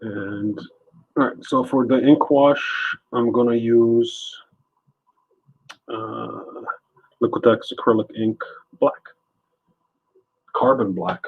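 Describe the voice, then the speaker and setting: A man's voice: mid-range voice, steady tone, slow, gravelly, pauses often, husky, highs cut off. A man live-streaming his art, chatting casually and joking with his chat as he works. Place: home art studio.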